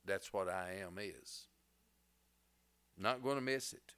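A man's voice: low voice, takes it slowly, pauses often, a bit bright, clear, resonant tone. A middle-aged male pastor preaching a sermon, folksy and plainspoken, rising to emphatic bursts.

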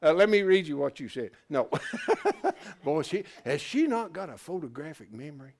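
A man teaches scripture to a small class in a loose, interactive sermon. His voice sits high and rides wide swings in pitch as he jokes, quizzes his listeners and builds his points in a folksy way. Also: moderate pace, slight background noise. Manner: animated, folksy, questions the class. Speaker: Bible study teacher.

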